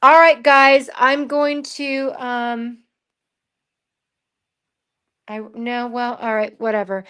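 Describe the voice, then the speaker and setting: A woman with a Californian accent talks casually on a livestream. Her voice sits a little high, and she pauses often, circling back with ums and false starts. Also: flat delivery, pushed and bright, clean tone. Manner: halting, lots of ums and restarts. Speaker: livestream guest. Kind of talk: casual chat.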